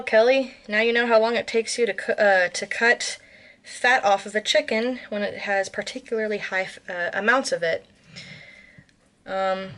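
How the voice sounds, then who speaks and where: American woman vlogging while she cooks, chatty and rambly, lots of ums, middle pitch. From United States. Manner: rambling, chatty, with frequent ums and self-corrections. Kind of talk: casual cooking vlog chat.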